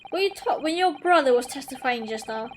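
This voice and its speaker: A woman's voice: sits high, lively intonation, brisk, noisy background. A woman reading game lines as a young male defense lawyer, earnest and puzzled, in a formal, questioning way.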